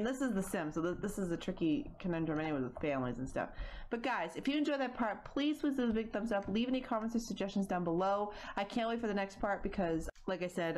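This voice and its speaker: A woman's voice: mid-range voice, a little hiss or hum. A young woman casually commenting on her own gameplay, rambling and correcting herself as she goes. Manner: chatty, rambling, self-correcting with frequent apologies. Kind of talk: casual let's-play commentary.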